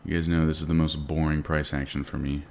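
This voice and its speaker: Low gravelly man chatting on a trading stream. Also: fast, slight background noise. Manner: relaxed, chatty, answers chat questions while watching charts. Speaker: day trading livestream host. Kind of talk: casual live-stream chat reading viewer comments.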